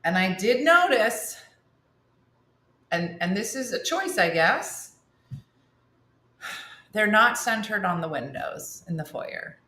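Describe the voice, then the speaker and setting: Animated woman telling a funny story. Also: medium pitch, takes it slowly, pauses often, roomy sound. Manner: animated storyteller acting out friends' voices. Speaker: comedian host. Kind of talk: storytelling stand-up, morning show.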